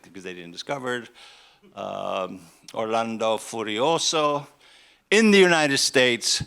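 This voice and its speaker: A man's voice: medium pitch, a bit bright. An older man from Estonia giving a conference keynote into a handheld microphone. He talks in a conversational, wry way with frequent restarts. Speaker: keynote speaker. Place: conference hall.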